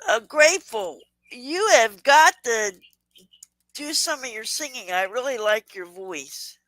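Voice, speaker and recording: A woman with a Southern US drawl hosts a relaxed crafting livestream, chatting easily and greeting her viewers by name. Her voice sits a little high, with lively swings in pitch and a bright edge. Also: a little slow, no echo, poor audio. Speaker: livestream host. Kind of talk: casual crafting livestream chat.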